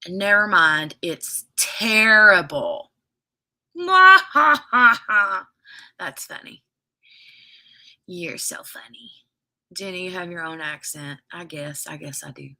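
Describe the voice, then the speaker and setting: Slow-talking, bright-voiced woman. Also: fairly low pitch. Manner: chatty, rambling storyteller who reads viewer comments aloud. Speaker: craft livestream host. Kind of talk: casual livestream chat.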